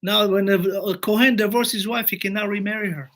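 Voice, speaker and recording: A man's voice: sits high, steady tone, fairly quick, fairly bright tone. A man, a rabbi teaching a Torah class and telling stories, acting out the quoted speech with animation.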